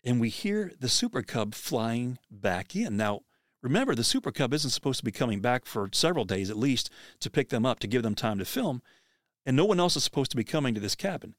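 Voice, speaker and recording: A man hosting a podcast, telling a story in an animated way, acting out the quoted speech of the people in it. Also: medium pitch, a little fast, no echo, clean studio sound.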